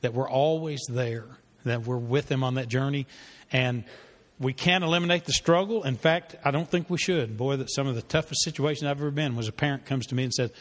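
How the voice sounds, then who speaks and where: A man's voice: mid-range voice, fairly quick, few pauses. Guy teaching a church class on parenting, earnest, loose and conversational, lots of hall echo. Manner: earnest, conversational, with fillers and restarts. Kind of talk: sermon-style teaching with a story. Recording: long hall reverb.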